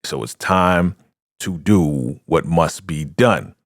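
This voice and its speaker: A man's voice: very deep voice, takes it slowly, no echo, studio quality. A man giving a casual TV episode recap into a podcast microphone, retelling the scenes and acting them out. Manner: animated retelling that acts out the scenes. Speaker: TV recap vlogger. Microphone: studio podcast microphone.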